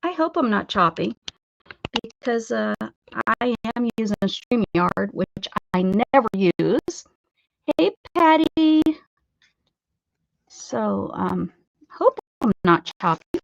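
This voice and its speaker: A woman's voice: mid-range voice, very animated, slow, gravelly, pauses often, no echo, muffled recording. A woman hosting a casual art livestream from her craft table at home, chatting with viewers and greeting them by name.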